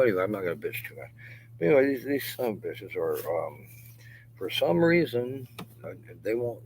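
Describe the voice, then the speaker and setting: Outdoors in a yard, a middle-aged vlogger with a deep, low voice rambles through a long, profane monologue, chuckling between phrases and often dropping into mutters and near-whispers. The tone is darkish, and the low-quality recording carries a faint hum underneath.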